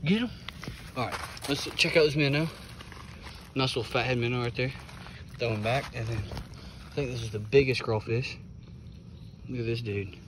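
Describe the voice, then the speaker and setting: A man's voice: medium pitch, normal speed, long pauses, a bit bright, slight background noise. A man, out of breath, chatting casually to viewers while vlogging outdoors by a creek. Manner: chatty, talks to viewers while riding and hiking.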